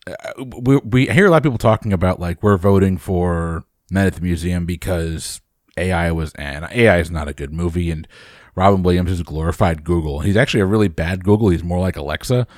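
A man's voice: fairly low pitch, no echo, clean studio sound. A man on a podcast panel, rambling and restarting as he argues for a movie pick. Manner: rambling, animated, self-interrupting. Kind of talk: casual chat.

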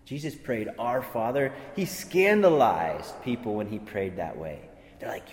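A man's voice: on the low side, lively intonation, measured pace. A man preaching a sermon in an earnest way, often repeating words and acting out what others might say. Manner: earnest, repeats words, voices imagined speakers. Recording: echoey hall with long reverb.

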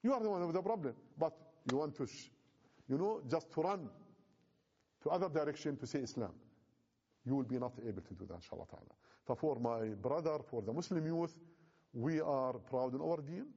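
A man's voice: a little high, animated, brisk, vocal fry, warm tone, breathy edge, dull audio. A man, not a native English speaker, giving an impassioned address to Muslim youth, emphatic and repeating his phrases.

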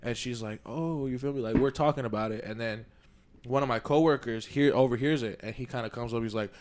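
Man, podcast co-host, casual storytelling, animated, quotes people in different voices. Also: mid-range voice, fast. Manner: animated storyteller, acts out quotes, says "you feel me" a lot.

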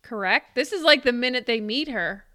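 Woman, bright voice, slightly high, giggly, playful quizmaster, dry sound. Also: animated, normal speed, no echo. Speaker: quiz host. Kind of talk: casual chat.

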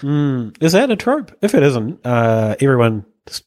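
A man's voice: medium pitch, sing-song, unhurried, a little mellow, no echo, studio quality. A man co-hosting a podcast, reacting in a chatty way with questions and jokey asides. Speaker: podcast co-host. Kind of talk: casual conversational podcast.

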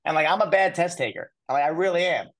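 A man in his thirties from the United States, a guest telling his life story in an interview, animated and quick to repeat words. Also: on the high side, dry recording. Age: 30s. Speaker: guest speaker.

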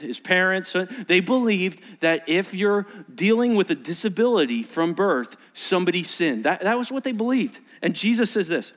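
Animated male pastor preaching. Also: sits high. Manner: animated, acts out the story's voices, repeats words. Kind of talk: sermon.

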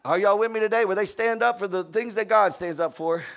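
A male pastor from Florida with a Southern accent, preaching a sermon. He calls out to the congregation and moves from shouted peaks to quiet, low storytelling. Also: brisk, vocal fry. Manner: call-and-response, often asking "are y'all with me".

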